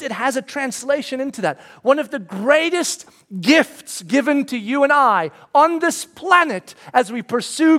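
A man preaching a sermon, telling stories with sudden shouted outbursts and dropping to hushed, intense tones on serious points. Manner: animated storytelling, acting out his own panicked inner voice with sudden shouts; drops to a low, hushed intensity on solemn points. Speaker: pastor.

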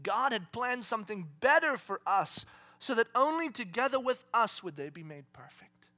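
A man preaching with a very high, bright, forceful voice. He swings between hushed, whispered lines and loud shouts, acting out the voices of people in his stories. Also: sing-song, moderate pace. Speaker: pastor. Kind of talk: sermon.

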